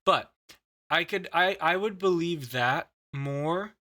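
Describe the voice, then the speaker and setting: A man co-hosting a podcast in a loose, casual chat. His voice is bright and forceful, and his speech is halting, with plenty of fillers and restarts. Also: a little high. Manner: halting, filler-heavy, laughs often. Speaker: podcast host.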